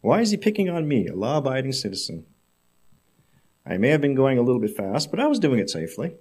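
A man's voice: mid-range voice, very animated, quick pace, darkish tone, breathy edge. A man voicing a proud, hot-tempered male business executive who scolds his staff. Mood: indignant. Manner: indignant, scolding.

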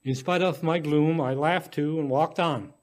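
A man reading a short story aloud in a gentle, unhurried way, now and then stumbling and restarting a word. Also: fairly high pitch. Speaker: story reader.

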